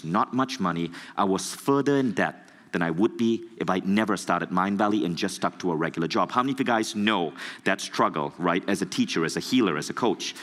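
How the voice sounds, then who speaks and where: Male motivational speaker from Malaysia, animated stage storyteller, lowish voice, big reverberant hall. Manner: animated storytelling, acts out dialogue.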